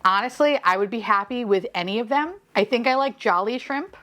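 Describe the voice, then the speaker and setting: A woman's voice: a little high, a little fast, sharp tone. A woman, chatting casually while unboxing blind boxes, gushing, swearing freely and giggling often.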